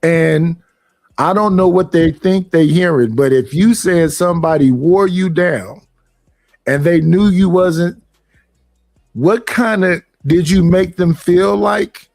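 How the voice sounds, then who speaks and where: A man in a casual discussion on a podcast, with a fairly high voice and a blunt, animated way of telling stories. He plays out both sides of a conversation as he talks. The sound is dry, with faint music behind him. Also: gravelly, dry recording.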